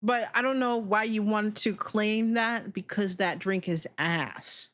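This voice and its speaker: A woman's voice: medium pitch, measured pace, fairly bright tone. A woman VTuber streamer in casual chat, ranting with lots of swearing and laughing often.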